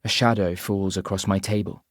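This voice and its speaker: A man reading a first-person audiobook narration in an even, measured way. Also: sits low, no echo, clean studio sound.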